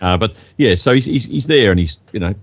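A deep-voiced man with a gravelly edge, rambling through halting comic banter on a podcast. The recording is dull and dry, with a muffled lo-fi sound. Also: lively intonation, no echo. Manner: rambling, halting, many restarts. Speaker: podcast co-host. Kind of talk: casual comedic banter.

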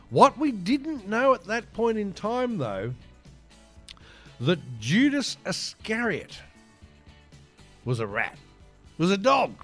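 Rambling man, high lively voice. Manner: profane, rambling, tangential asides. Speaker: podcast co-host. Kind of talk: irreverent comic retelling.

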